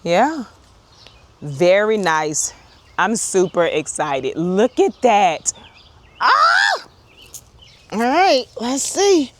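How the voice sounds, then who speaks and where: A woman chatting excitedly to viewers while harvesting in her outdoor garden, talking straight to the camera. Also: medium pitch, slow. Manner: chatty and excitable, often addresses viewers as y'all. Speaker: urban homesteader, channel host. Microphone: wireless clip-on mic.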